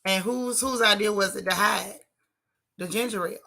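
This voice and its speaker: A woman hosting a casual livestream reads chat comments out loud and teases her viewers, chatty and full of dramatic exclamations. Her voice is mid-range, bright, and forceful, with vocal fry and a moderate pace.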